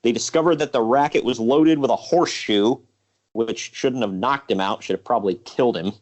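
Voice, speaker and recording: A man co-hosting a podcast, casually recapping old wrestling shows in a rambling, relaxed way with fillers. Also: mid-range voice, fairly quick. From Ohio. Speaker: podcast co-host.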